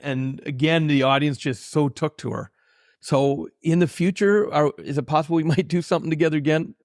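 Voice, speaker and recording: A man's voice: fairly high pitch, a little fast, dry recording, clean studio sound. Heartfelt man telling a story. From Canada. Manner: heartfelt, anecdotal, quotes his own dialogue. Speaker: author and trainer, guest. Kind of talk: storytelling in a podcast interview.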